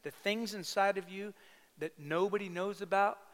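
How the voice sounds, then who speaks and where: A male pastor preaching a sermon, swinging between loud emphatic bursts and quiet intimate asides. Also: high voice, normal speed. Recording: long hall reverb.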